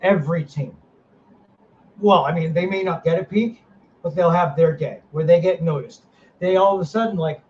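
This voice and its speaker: A middle-aged man hosting a casual podcast chat, running a paranormal team, ranting with animated energy and swearing freely. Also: on the high side, normal speed. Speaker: paranormal team director, host. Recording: slightly dull sound, faint noise.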